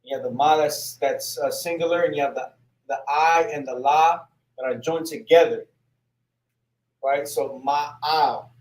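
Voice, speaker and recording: A man gives a casual spoken lesson at an unhurried pace, his voice sitting a little high. He breaks words into syllables and keeps asking "right?". The room around him rings with echo. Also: a little mellow. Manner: slow and repetitive, sounds out syllables, often asks "right?". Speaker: teacher going over a word list. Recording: echoey room sound.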